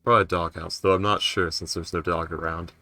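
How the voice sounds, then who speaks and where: A man's voice: deep voice, brisk, pushed and bright. A man running a tabletop game, chatting casually with his players and swearing freely. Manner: laid-back, swears freely.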